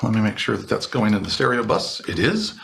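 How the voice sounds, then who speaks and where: A man's voice: lowish voice, lively intonation, fairly quick, gravelly, a bit bright, husky. A man teaching live sound, casually explaining a mixing console as he talks into a handheld microphone held at varying distances. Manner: casual, rambling with restarts and fillers. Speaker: audio engineer instructor. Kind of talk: live-streamed technical demonstration. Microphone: handheld dynamic mic moved near and far.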